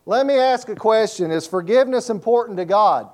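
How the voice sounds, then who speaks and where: A man's voice: sits high, animated, brisk. Preaching man with call-and-response asides. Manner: call-and-response preaching, reads scripture aloud and adds folksy asides. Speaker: pastor. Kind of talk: sermon.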